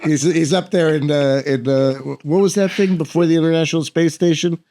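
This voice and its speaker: A man hosting a podcast in casual chat, easygoing, asking quick questions and joking. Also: fairly high pitch, steady tone, warm tone, a little hiss or hum. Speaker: podcast host.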